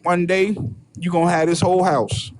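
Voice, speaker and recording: A man's voice: sits high, level tone, normal speed, a little mellow, natural voice. A man voicing a smug slave master who coaxes with patronizing promises. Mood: cajoling. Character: smug scheming male slave master, cajoling.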